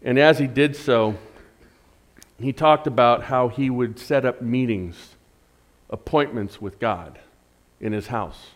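A man's voice: medium pitch, slow pace, pauses often. Middle-aged man as pastor, conversational sermon, playful asides, big dynamic swings. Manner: conversational preaching with humor and rhetorical questions; dynamic, swinging from loud emphatic to soft.

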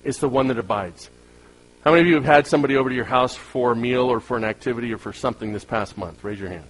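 A pastor with a mid-range voice preaches fast, keeping the sermon conversational with humorous asides and rhetorical questions to the crowd. The recording is rough.

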